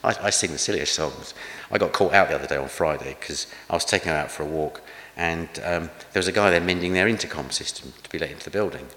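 A man, preaching in a chatty, gently humorous way with anecdotes. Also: low voice, fast. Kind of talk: conversational sermon with anecdotes. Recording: echoey hall with long reverb.

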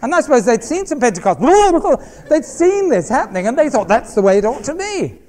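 A man, preaching by telling anecdotes in an animated way and acting out the voices of the people he quotes. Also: very high-pitched, normal speed. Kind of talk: anecdotal sermon storytelling.

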